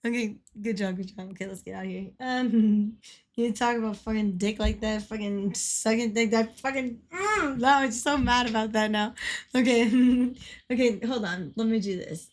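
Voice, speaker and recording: A woman's voice: a little high, moderate pace. Giggly swearing woman livestreamer. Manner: giggly, swears freely, teasing. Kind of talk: casual gaming stream chat.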